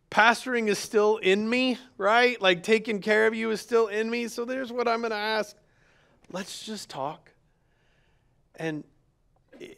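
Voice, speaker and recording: A man's voice: sits high, vocal fry, a bit bright. A man, a pastor, speaking candidly to his congregation in a sermon, telling a personal story with quoted dialogue. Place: church sanctuary.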